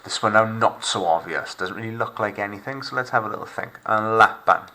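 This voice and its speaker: A man with a Welsh accent teaching a recorded remote lesson, modelling words slowly and clearly for students to repeat. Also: on the low side, sharp tone, a little hiss or hum. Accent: Welsh English.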